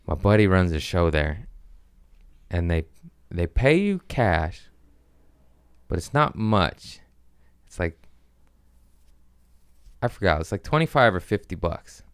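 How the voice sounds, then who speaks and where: Profane, rambling comedian man, smooth low voice. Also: takes it slowly, pauses often, no room sound. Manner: rambling, profane, animated impressions. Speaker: podcast host. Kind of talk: casual comedic storytelling.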